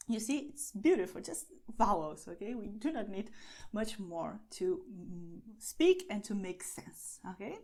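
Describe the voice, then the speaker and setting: A Brazilian woman with a Brazilian Portuguese accent, a native Portuguese speaker, giving an online lesson and slowly, clearly pronouncing example words. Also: medium pitch, big pitch swings, warm tone. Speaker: language teacher.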